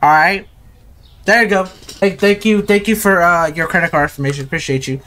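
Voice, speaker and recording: A man giving casual, excitable gameplay commentary to his viewers, full of slang and rambling asides. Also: high voice, a little fast. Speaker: gaming video creator.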